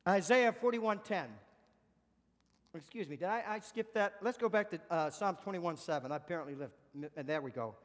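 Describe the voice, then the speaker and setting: A man's voice: sits high, animated, moderate pace, long reverb tail. A man preaching a sermon, emphatic, asking repeated questions and breaking into spoken praise.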